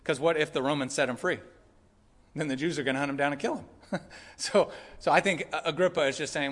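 A man preaching a sermon as pastor, shifting from calm Bible teaching to loud, fervent exhortation. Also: a little high, brisk, pauses often. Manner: builds from quiet teaching to loud impassioned preaching.

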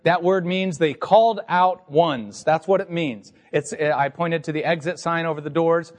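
A man's voice: a little high, moderate pace, big-room sound. A man pastor preaching an emphatic, teacherly sermon to his congregation in a church sanctuary.

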